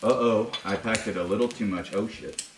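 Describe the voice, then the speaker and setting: This cooking show host speaks briskly in a lowish, steady-toned voice as he demonstrates a dish in his home kitchen. He talks crudely with joking, rambling asides. The recording is echoey, with faint music and slight background noise.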